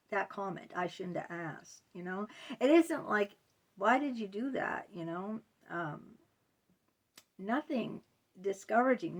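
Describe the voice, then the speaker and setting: A middle-aged woman speaks straight to camera in a personal storytime vlog. Her voice sits at a middle pitch, loose and conversational, full of fillers. She sounds indignant as she talks. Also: a bit bright. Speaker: vlogger.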